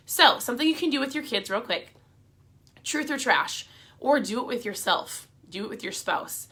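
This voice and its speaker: A woman's voice: a little high, lively intonation, moderate pace, bright, forceful tone, breathy edge. A middle-aged woman giving upbeat, encouraging motivational advice in a casual, chatty talk to her viewers.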